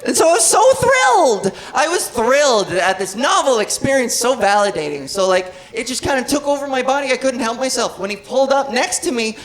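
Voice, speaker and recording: A woman in her thirties with a resonant voice performing a stand-up set on a club stage into a handheld mic, swinging into excited shouting when she gets worked up. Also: a little high, brisk, hardly any pauses. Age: 30s. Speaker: stand-up comedian.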